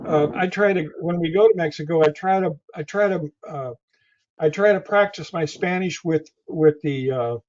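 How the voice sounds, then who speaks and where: A man's voice: a little high, moderate pace, darkish tone, lo-fi sound. Tennessee-accented man, rambling. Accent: Southern US, Tennessee. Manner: rambling, repeats his words often. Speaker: interview guest. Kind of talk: casual remote interview.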